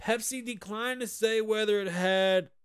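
Loud high-voiced American podcast host. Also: male voice, a little slow, clear, resonant tone. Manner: profane, loud and excitable, riffing on headlines. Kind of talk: casual news commentary. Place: podcast studio.

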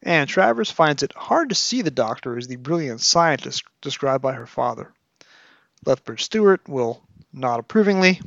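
A man's voice: mid-range voice, big pitch swings, moderate pace, gravelly, fairly bright tone, dry recording. Podcast host, man, analytical and wry, reads excerpts; dry, dull lo-fi recording. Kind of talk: book review with read-aloud excerpts.

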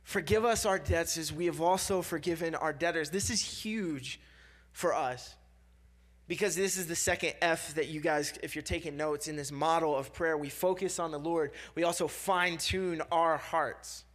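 A man's voice: a little high, normal speed, fairly bright tone. A young man giving a casual sermon, talking loosely with many fillers and repeats and acting out quoted voices.

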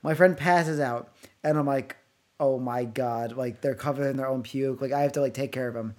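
A male podcast co-host with a medium-pitched voice and moderate pace tells a long, rambling story in casual chat. He's animated and swears a lot as the anecdote meanders on.

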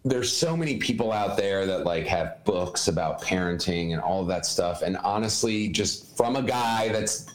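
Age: adult. Sex: man. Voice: lowish, earnest and explanatory, repeats himself for emphasis. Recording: roomy, echoey room. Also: animated, normal speed, few pauses. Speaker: podcast co-host, educator. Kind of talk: casual chat giving parenting advice.

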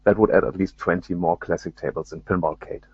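A man's voice: low-pitched, steady tone, quick pace, a little mellow, husky, dry recording, lo-fi sound. A man putting on an American-accented game exec. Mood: businesslike. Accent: put-on American accent. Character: male pinball company boss answering fan questions. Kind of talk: reading written answers aloud.

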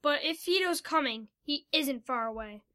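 Woman as an earnest young hero, bright high voice. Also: expressive, moderate pace.

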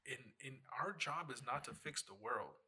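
A man's voice: mid-range voice, animated, moderate pace, sharp tone, husky. A man in casual podcast chat, talking in a laid-back, rambling way with lots of fillers.

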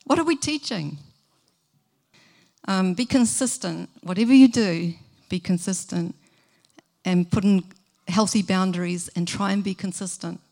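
Kiwi lady giving a sermon, chatty and earnest, bit of fry in her voice, middle-aged. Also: mid-range voice. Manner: earnest and conversational, asks the listeners questions. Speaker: preacher.

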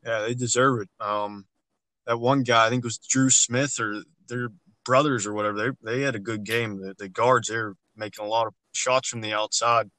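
A man's voice: medium pitch, steady tone, normal speed, pushed and bright, no echo, low-quality recording. A man co-hosting a casual sports podcast, ranting bluntly about college basketball and swearing freely. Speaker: podcast co-host.

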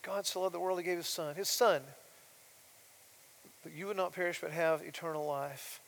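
Male pastor, high voice, shifts between loud emphatic lines and soft quiet asides; large reverberant sanctuary. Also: fairly even intonation, normal speed, vocal fry. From United States. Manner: swings from loud emphatic declarations to soft quiet asides, asks rhetorical questions. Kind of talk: sermon. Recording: long reverb of a large hall.

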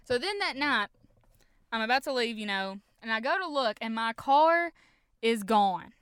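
A woman's voice: on the high side, a little slow, clean tone, dry recording. Young woman telling a prank story. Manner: animated, acts out quoted lines. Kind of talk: personal anecdote told to listeners.

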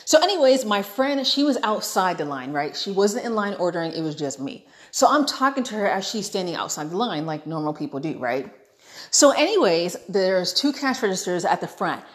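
A young American woman vlogger retelling a travel story in a casual, animated way, acting out what people said. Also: mid-range voice, normal speed. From United States. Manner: animated, dramatic retelling with quoted asides.

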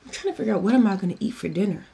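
A man's voice: sits high, racing, vocal fry, warm tone, a little hiss or hum. A man hosting a podcast in a casual chat, giving a cocktail recipe in a chatty, profane way and drifting off on tangents. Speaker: podcast host.

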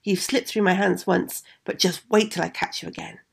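A woman's voice: on the low side, fairly even intonation, normal speed, creaky, breathy edge, exaggerated voice. A woman voicing a menacing, vengeful male pursuer in a fairy tale, who shrieks threats in a raised voice. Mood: furious.

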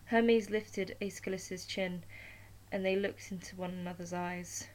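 A woman reading a short story aloud as narrator, at a steady, unhurried pace. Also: lowish voice, slight background noise, poor audio.

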